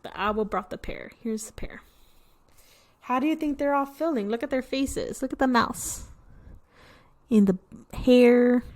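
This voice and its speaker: A young woman reading a picture book to children, pausing to point at pictures and ask questions. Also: on the high side. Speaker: storytime reader.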